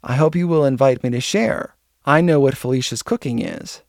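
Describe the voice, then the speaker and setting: A man voicing a gentle old bishop. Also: mid-range voice, gravelly, no room sound, studio quality, close to an everyday voice. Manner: gentle, slow and blessing. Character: kindly older bishop, gentle and warm-hearted. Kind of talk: audiobook dialogue reading.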